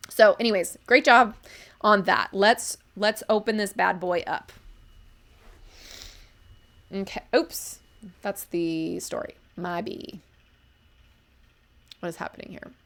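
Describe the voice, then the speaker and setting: A young woman chatting on a live stream, full of gushing enthusiasm and filler words. Her pitch sits in an ordinary middle range. She reads bits aloud and then breaks into eager, rambling reactions. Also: steady tone, slow, pauses often, a bit bright. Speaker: livestream book reviewer. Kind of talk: casual live-stream commentary.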